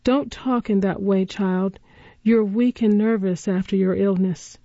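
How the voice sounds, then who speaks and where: A woman's voice: mid-range voice, steady tone, unhurried, mellow, dry recording, highs cut off. A woman voicing a kindly, bustling old housekeeper in a storybook reading, motherly and fond. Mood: fond, coaxing.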